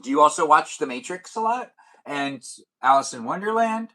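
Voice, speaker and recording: A man's voice: fairly high pitch, expressive, moderate pace, pushed and bright, low-quality recording. A man hosting a casual livestream chat, rambling and thinking aloud with fillers and restarts. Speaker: livestream host.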